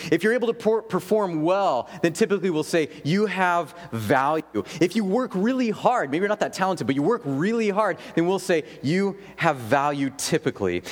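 A man preaching a sermon as pastor, earnest and emphatic, with pauses for weight. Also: a little high, long reverb tail. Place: church sanctuary.

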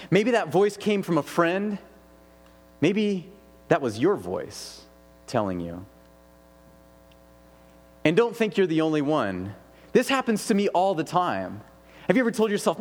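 A man preaching a sermon as pastor, earnest and emphatic, with pauses for weight. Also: high-pitched, big pitch swings, darkish tone, big-room sound. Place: church sanctuary.

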